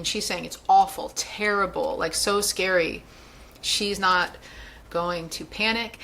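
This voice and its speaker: A woman hosting a book club, reading passages aloud slowly and then thinking aloud about them with many filler words. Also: fairly low pitch, fairly bright tone, slight background noise. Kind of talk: reading a novel aloud and discussing it.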